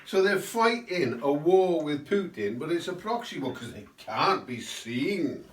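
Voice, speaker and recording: A man's voice: on the high side, big pitch swings, a little slow. A man giving a rambling satirical political monologue, full of tag questions. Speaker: host. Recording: roomy, mic at a distance.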